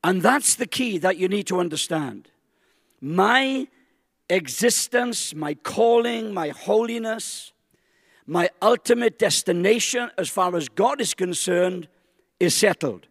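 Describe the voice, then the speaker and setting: A pastor delivering a sermon in a large church hall, emphatic, with dramatic slow stresses. His voice sits high for a man, and the long reverb of the hall trails after it. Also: animated, studio quality.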